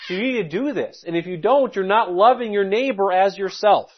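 A man delivering a sermon in a somewhat high voice. He reads scripture at a deliberate pace, then shifts into plain, conversational teaching, sometimes restarting his phrases. The recording sounds dull and lo-fi. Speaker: preacher.

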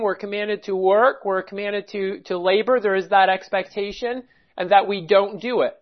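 Man preaching a measured expository sermon. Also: sits high, muffled recording. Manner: measured preaching with scripture readings and pauses. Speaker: pastor.

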